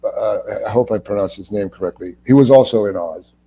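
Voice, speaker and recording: A man from Cleveland, an actor guest, telling profane, animated anecdotes in a casual interview. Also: fairly low pitch, brisk, slight background noise, poor audio. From Cleveland, USA.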